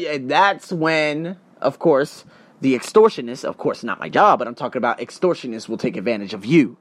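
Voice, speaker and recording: An animated young man rants through a story into a close, dry mic, his voice jumping up and down in pitch. He swears freely and slips into quick impressions of the people he meets. His voice sits a little high. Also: dry recording. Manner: animated, profane, acts out other people's voices. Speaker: podcast host. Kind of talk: casual storytelling rant.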